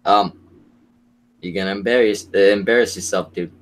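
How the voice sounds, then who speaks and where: Man, low voice, hesitant and halting, faint noise behind, casual chat. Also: fairly even intonation, low-quality recording. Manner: hesitant, cautionary.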